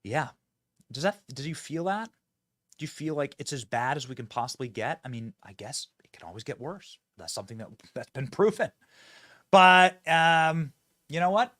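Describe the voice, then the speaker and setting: Brief: male host, lively swinging pitch, sarcastic chat, dry close sound. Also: moderate pace, no echo. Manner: animated, sarcastic, chatty. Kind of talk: political commentary.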